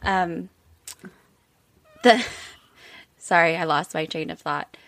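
A woman's voice: lowish voice, slow, a bit bright, dry recording. A woman co-hosting a casual chat show, telling stories at an easy pace, often laughing and trailing off into fillers. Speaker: podcast co-host.

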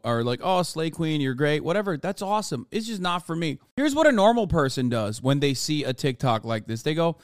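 A man's voice: mid-range voice, clean tone, no room sound, studio quality. A man streaming reaction commentary, ranting in a heated, profane way.

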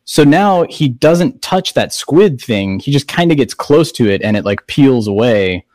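A man's voice: mid-range voice, lively intonation, unhurried, a little mellow, no echo, studio quality. A man co-hosting a podcast, talking in an easygoing, casual way and hedging his guesses. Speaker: podcast co-host. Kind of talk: casual group chat.

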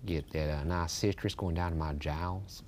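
A man voicing a Southern man savoring an orange, in a slow, low, lip-smacking drawl with a Southern US accent. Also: fairly even intonation, darkish tone, a little hiss or hum, lightly acted.

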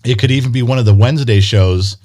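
Guy rambling on a podcast, swears a lot, teasing, mid pitch. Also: quick pace, a little mellow. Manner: rambling storyteller, swears, teases. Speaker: podcast co-host. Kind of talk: casual chat.

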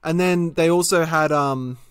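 A man's voice: fairly high pitch, measured pace. A man with an Australian accent co-hosting a comedy podcast, ranting in a sweary, sardonic way. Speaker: podcast co-host. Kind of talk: casual comedic chat.

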